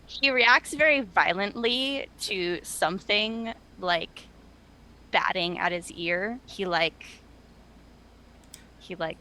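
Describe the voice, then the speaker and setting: A woman's voice: mid-range voice, takes it slowly, pauses often, pushed and bright. A woman player casually narrating her character's actions at a tabletop game. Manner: chatty, filler-heavy.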